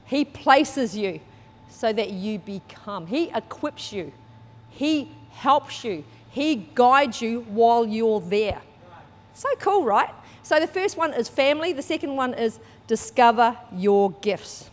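A woman's voice: on the high side, slow, in a large hall. A woman, preaching a sermon and telling a personal story, acting out voices and laughing often. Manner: lively storytelling, acts out quotes, laughs often. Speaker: church speaker.

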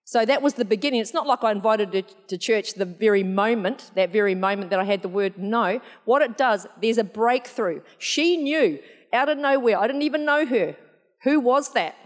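A woman telling a story in a sermon, chatty and animated, laughing often. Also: fairly high pitch, moderate pace. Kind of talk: sermon testimony. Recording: long hall reverb.

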